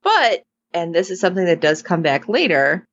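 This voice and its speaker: A woman co-hosting a casual recap chat, animated and acting out characters' lines in put-on voices. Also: on the low side, moderate pace, highs cut off, slight background noise. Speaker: podcast co-host.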